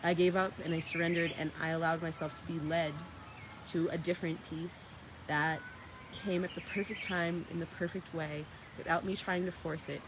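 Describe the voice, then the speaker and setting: A vlogger speaks to her audience in a lowish, level voice at normal speed, with a noisy background behind her. She muses in a chatty, spiritual way about surrendering and going with the flow, pausing to address the dogs in a playful tone.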